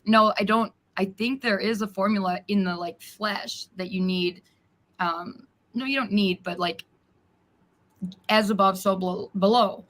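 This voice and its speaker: A woman's voice: medium pitch, steady tone, moderate pace, fairly bright tone. A woman joining a live stream as a guest, talking things through in a reflective, searching way with many fillers. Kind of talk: casual chat.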